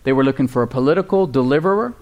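A man's voice: animated, rapid-fire. Emphatic preacher man. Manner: emphatic, rises high for quoted cries and drops low and soft for stillness; asks the congregation questions. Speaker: pastor. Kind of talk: sermon.

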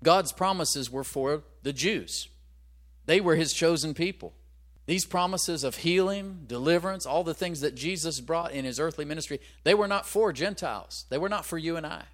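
A man's voice: fairly high pitch, moderate pace, a bit bright. A man preaching a sermon in a conversational way, asking the congregation rhetorical questions and stopping to search aloud for his references. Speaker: pastor.

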